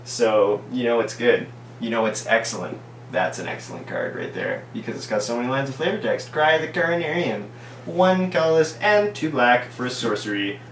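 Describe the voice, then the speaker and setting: A man reading trading card text aloud and lavishing tongue-in-cheek praise on each card. He speaks at an ordinary middle pitch, set back from the microphone. The room is echoey, with a faint hum underneath. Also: animated, normal speed, creaky, fairly bright tone, distant mic. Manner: mock-enthusiastic, ironic over-praise of every card. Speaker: card game reviewer.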